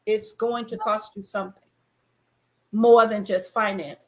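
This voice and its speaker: Over loud music, this ministry conference host speaks on her faith talk show in a medium-pitched, fairly even voice, unhurried and pausing often. Candid and emphatic, she frequently reenacts what she once said.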